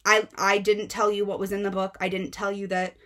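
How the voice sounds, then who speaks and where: A woman's voice: medium pitch, flat delivery, brisk, fairly bright tone, natural voice. A woman voicing a tearful teenage girl who meekly admits her fault to her mother. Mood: contrite.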